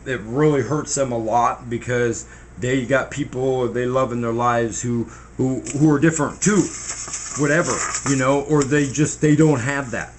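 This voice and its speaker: A man hosting his own video, talking in a casual, halting ramble with an earnest tone. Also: medium pitch, a little hiss or hum. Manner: halting, full of restarts and fillers, earnest. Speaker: home cook and video host.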